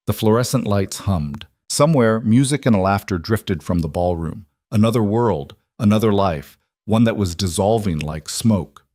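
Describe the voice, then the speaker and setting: A male narrator reads a dark romance story in a measured, dramatic way. His voice sits on the low side, and the recording is close and dry. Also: animated, no room sound.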